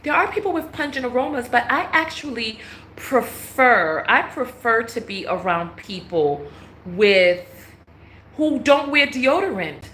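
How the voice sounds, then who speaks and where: A woman from New York telling a travel story in a casual vlog, animated, laughing often and acting out dialogue. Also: a little high, unhurried, reverberant, slight background noise. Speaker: travel vlogger.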